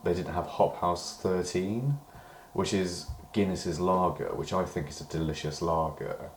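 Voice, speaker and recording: A man's voice: sits low, a little slow, reverberant, a little hiss or hum. A British man in a rambling personal diary monologue, meandering and hedging, swearing when he gets worked up. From Britain. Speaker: diary vlogger.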